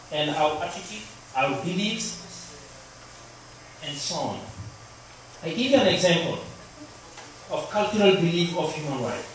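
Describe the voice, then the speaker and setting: A man's voice: a little high, slight background noise. A middle-aged man giving a university lecture on human rights, explaining earnestly and telling a personal story. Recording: echoey room recorded from far off.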